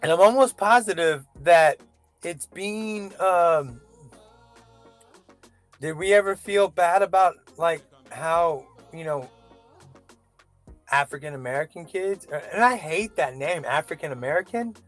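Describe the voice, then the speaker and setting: A man's voice: on the high side, lively intonation, unhurried, pauses often, soft background music. A man vlogging a casual opinion rant, rambling and profane, with frequent self-doubting asides.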